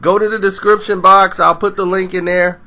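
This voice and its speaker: A man's voice: sits high, little pitch movement, normal speed, bright, forceful tone. A man hosting his channel, casually signing off and speaking straight to his viewers. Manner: laid-back, direct address to viewers. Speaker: channel host.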